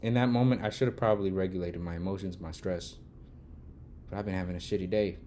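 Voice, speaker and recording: A man's voice: deep voice, fairly even intonation, fast, slight background noise. A man vlogging a casual storytime rant, swearing and getting heated as he tells it. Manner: heated, swearing, gets loud when retelling the argument. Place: Los Angeles.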